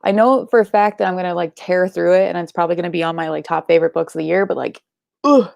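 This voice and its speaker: A woman's voice: fairly low pitch, steady tone, fast, a little mellow, no echo, studio quality. A young woman hosting a live book club stream, chatting casually with lots of likes and ums and the odd swear word. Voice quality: creaky. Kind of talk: casual livestream chat reading comments.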